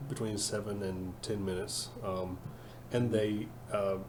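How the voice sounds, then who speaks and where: A man's voice: lowish voice, steady tone, background noise. Easygoing, laughing male podcast co-host. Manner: easygoing, laughs often, quick to joke. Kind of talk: casual chat.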